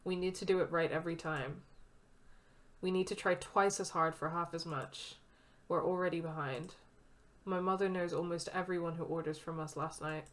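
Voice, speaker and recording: A woman's voice: fairly low pitch, steady tone, normal speed, natural voice. A woman reading the lines of a tense, pressured young woman who runs a food truck in a story game. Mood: hurt, pressured. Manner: tense, pressured, self-critical.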